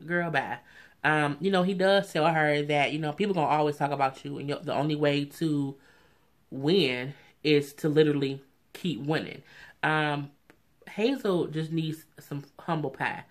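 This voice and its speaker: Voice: steady tone, measured pace. Chatty, opinionated recap vlogger. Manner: opinionated, chatty, often says "you know what I'm saying"; acts out quotes in a high, mocking voice.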